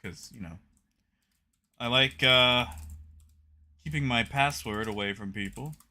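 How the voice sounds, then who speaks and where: A man's voice: medium pitch, a little slow, pushed and bright. A young man streaming a video game, chatting casually with his viewers and reading patch notes aloud with dry, wry jokes. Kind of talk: casual live-stream chat.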